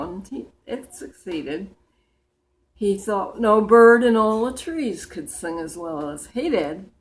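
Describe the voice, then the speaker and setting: Very old woman reciting poems slowly. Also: mid-range voice, slight background noise, low-quality recording. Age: about 100. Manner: slow, deliberate recitation with small slips and restarts.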